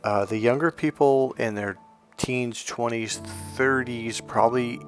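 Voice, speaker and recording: A man's voice: mid-range voice, steady tone, unhurried, faint music behind. A man who works as a relationship coach, telling a story in a rambling, casual monologue with folksy asides.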